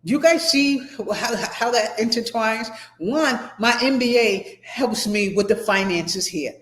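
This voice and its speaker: A woman's voice: a little high, slow, a bit bright. A middle-aged woman instructor giving a motivational talk to her class, emphatic and rambling, often repeating herself. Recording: echoey room.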